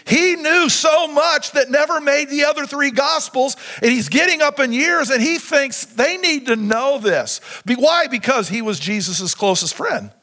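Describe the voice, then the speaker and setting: A pastor preaching a sermon in a high, lifted voice. He keeps turning to the congregation with questions and prompts. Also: lively intonation, measured pace, few pauses, pushed and bright. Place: church sanctuary.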